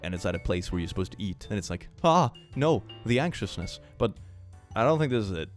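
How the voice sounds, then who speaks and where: A man's voice: lowish voice, very animated, a little fast, soft background music. A man co-hosting a comedic meme reaction, making dry, sarcastic remarks. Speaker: co-host reacting to memes. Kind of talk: casual comedic reaction commentary.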